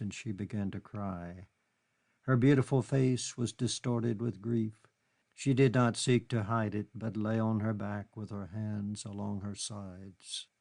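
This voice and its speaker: A man narrating a literary novel in a measured, steady reading. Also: lowish voice, creaky. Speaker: audiobook narrator.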